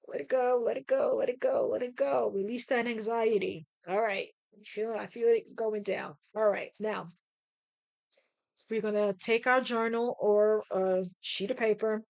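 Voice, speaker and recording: A woman hosting a podcast, leading listeners through a guided breathing and journaling exercise, coaching them with slow, deliberate prompts and frequent okays. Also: fairly high pitch. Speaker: podcast host.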